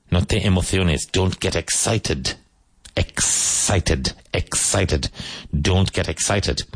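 A man hosting a radio-style English lesson, repeating words slowly and pointing out which syllable takes the stress. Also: sits low, dry recording. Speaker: English teacher.

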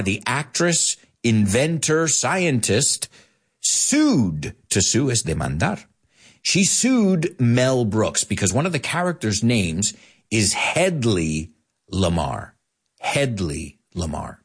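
A man in his forties, a podcast host teaching English, talking in an animated way and acting out quotes. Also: slightly rough. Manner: animated, acts out quotes with big pitch jumps. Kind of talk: bilingual English lesson.

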